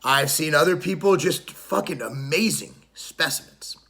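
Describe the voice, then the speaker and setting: A man's voice: on the high side, unhurried, a bit bright. A middle-aged man, a fitness vlogger, giving a brash, profane, mocking rant to the camera.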